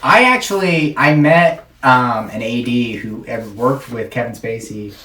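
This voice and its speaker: A man's voice: medium pitch, measured pace, sharp tone. Joking man hosting, roomy and distant. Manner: joking, teasing interviewer. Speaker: host. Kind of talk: casual chat. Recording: roomy sound from off mic.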